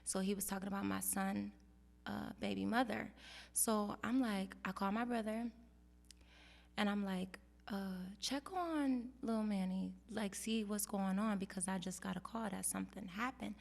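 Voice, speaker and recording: A woman hosting a casual interview, telling a personal story with animated, acted-out quotes. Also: medium pitch, unhurried, vocal fry, long reverb tail. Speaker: host.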